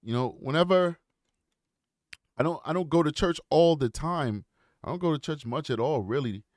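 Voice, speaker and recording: A man speaking straight to his audience in personal commentary, earnest and reflective, then pressing hard with impassioned questions. His voice sits on the higher side for a man. The sound is close and dry, with little room around it. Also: normal speed, dry recording. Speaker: channel host.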